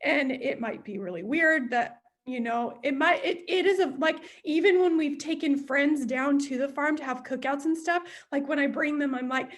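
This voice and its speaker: A woman's voice: high voice, moderate pace, few pauses. A young woman leading a team meeting, chatty and open, acting out inner voices as she talks. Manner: open and emotional. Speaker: sales team leader. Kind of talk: motivational team meeting talk.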